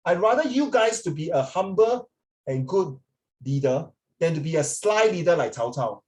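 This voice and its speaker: A man with a Singaporean accent teaches a class chattily and casually, switching between English and Mandarin and checking that students agree. His voice is fairly high and very animated at a moderate pace, on a low-quality recording.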